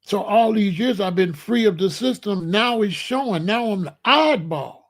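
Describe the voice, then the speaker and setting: Emphatic high-voiced man in his sixties. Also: animated. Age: 60s. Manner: emphatic, repetitive, drawn-out phrasing. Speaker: show host. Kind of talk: casual monologue.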